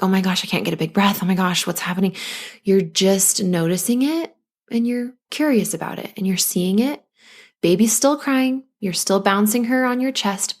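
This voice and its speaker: Gentle woman coaching through anxiety. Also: mid-range voice. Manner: gentle, coaching, acts out anxious inner voices. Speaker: podcast host, postpartum coach. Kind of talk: solo podcast talk.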